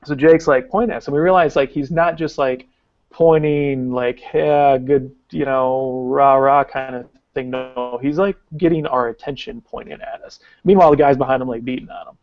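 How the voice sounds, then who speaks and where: Gravelly man rambling through a story. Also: mid-range voice, a little fast, no room sound, highs cut off, soft background music. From Arkansas. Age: 30s. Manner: rambling, excitable, heavy use of "like". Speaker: podcast co-host. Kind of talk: casual storytelling.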